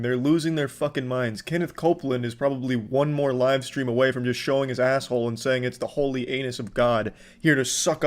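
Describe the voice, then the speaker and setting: A man giving sarcastic video commentary, mock-sincere and swearing often. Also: medium pitch.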